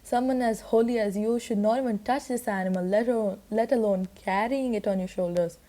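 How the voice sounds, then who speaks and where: A woman's voice: mid-range voice, fairly quick, dark tone, lightly acted. A woman voicing a scheming male crook in a storybook reading, scolding in a reproachful, mock-pious way.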